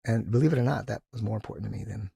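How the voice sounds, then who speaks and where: Man in his sixties, gravelly voice, husky, animated storytelling, dry close sound. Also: on the low side, rapid-fire, no room sound. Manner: animated, enthusiastic storyteller, acting out quotes. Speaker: guest. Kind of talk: casual storytelling interview.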